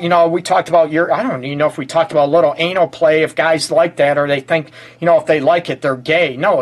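A man's voice: fairly high pitch, a bit bright. Playful, teasing male counselor host. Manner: playful, teasing, self-mocking. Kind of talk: joking live show talk. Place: home in Metro Detroit.

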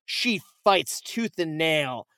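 A man retelling a movie plot in casual podcast chat, animated and swearing, acting out the characters' quoted lines. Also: a little high, no echo. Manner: animated storytelling, swearing, quick quoted asides.

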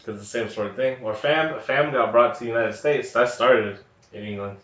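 A man's voice: mid-range voice, moderate pace, fairly bright tone. A man co-hosting a casual movie podcast, rambling with many fillers and frequent laughs, slightly nasal. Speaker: podcast co-host. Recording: roomy, distant, dull home recording.

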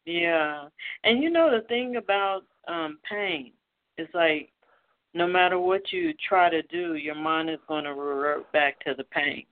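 A woman with a low, slightly slow voice hosts a Christian radio interview, affirming her guest with frequent amens and words of praise. The line sounds thin, almost like a phone call.

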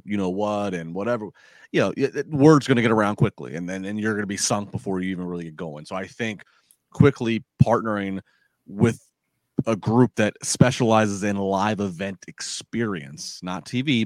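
A man's voice: on the low side, dry recording. A man co-hosting a wrestling podcast, talking casually in long rambling turns with many restarts. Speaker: podcast co-host.

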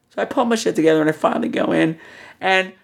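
A man hosting a podcast, telling a story in a theatrical, animated way, full of crude jokes and acted-out voices. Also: gravelly. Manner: acts out quoted people in higher voices. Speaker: podcast host. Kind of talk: casual storytelling.

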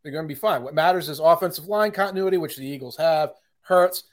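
A man with a fairly high voice breaks down football in casual podcast chat. He is opinionated and talkative, and often restarts his sentences mid-thought. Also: fast talker. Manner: chatty and opinionated, with frequent fillers and restarts.

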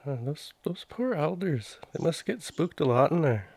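A man hosting a podcast, replying in a quiet, soft-spoken, sympathetic way in casual chat. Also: a little high, big pitch swings, moderate pace, breathy edge. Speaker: podcast host.

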